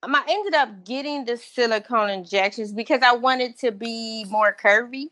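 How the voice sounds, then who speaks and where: A woman in her thirties as an interview guest, telling her story casually in an excitable, animated way and acting out what people said. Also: on the high side, moderate pace, no echo. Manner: excitable, animated, acts out quotes.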